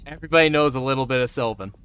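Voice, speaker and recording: A man's voice: medium pitch, rapid-fire, fairly bright tone, smooth, faint music behind. A man in his thirties running a tabletop game, chatting and joking casually with his players. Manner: chatty, jokey, rambling. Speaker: game master.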